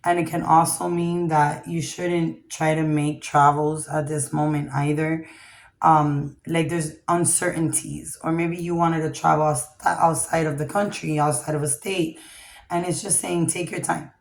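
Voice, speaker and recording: A woman with a fairly low voice runs a casual tarot reading in a blunt, foul-mouthed way, tagging "okay?" onto her points. The recording is roomy and echoey. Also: little pitch movement, a little slow, creaky. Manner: blunt, profane, keeps asking "okay?". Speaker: tarot reader. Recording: echoey room.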